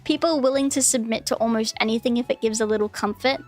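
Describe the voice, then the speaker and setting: A woman's voice: fairly high pitch, fast talker, a little mellow, soft background music. A young woman streamer ranting casually, swearing often and mocking people in exaggerated voices. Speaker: VTuber streamer.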